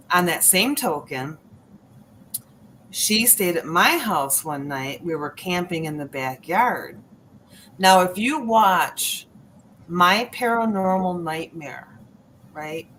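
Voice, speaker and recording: A woman's voice: low-pitched, slight background noise. A woman guest telling personal stories on a podcast, acting out voices and sounds as she goes. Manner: animated storyteller acting out quotes. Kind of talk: storytelling on a paranormal podcast.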